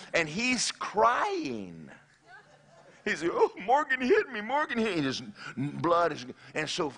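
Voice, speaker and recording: A man preaching a sermon, telling a personal story in an animated way with frequent restarts and direct questions to the audience. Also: on the high side. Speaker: pastor.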